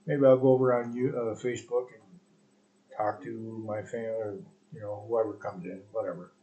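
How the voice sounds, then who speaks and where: A man's voice: fairly low pitch, level tone, moderate pace, narrow, tinny audio. A man hosting his own live stream podcast alone, talking in a crude, profane, rambling and sarcastic way. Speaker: podcast host. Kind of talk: solo live stream chat.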